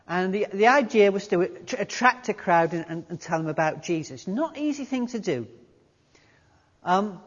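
A middle-aged preacher gives a conversational sermon, restarting phrases and reading quotations aloud. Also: medium pitch. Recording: dull recording in reverberant hall.

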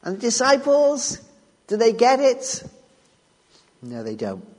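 Husky-voiced man preaching in a hall. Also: very high-pitched, huge pitch swings, takes it slowly. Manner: emphatic, repeats key phrases, restarts mid-sentence. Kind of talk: sermon teaching on scripture. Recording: long reverb of a large hall.

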